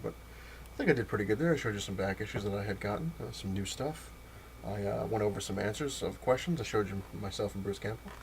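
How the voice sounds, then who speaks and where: A man's voice: on the low side, slight background noise. A man hosting a casual vlog, rambling through a funny story and laughing at his own jokes. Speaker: vlog host.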